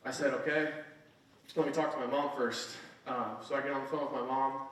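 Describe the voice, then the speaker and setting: A young man in his twenties speaks to a conference audience in a casual, earnest storytelling manner, tossing in "right?" as he goes. His mid-pitched voice sounds far from the microphone, carried by a big, echoing hall. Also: steady tone, a little fast, fairly bright tone. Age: 20s. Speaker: keynote speaker.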